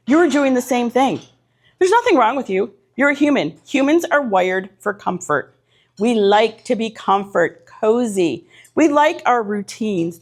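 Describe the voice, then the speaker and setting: A middle-aged woman giving a motivational talk to a live audience in an event room, punchy and direct, stacking short repeated phrases. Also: medium pitch. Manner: punchy, direct, repetitive lists. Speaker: keynote speaker.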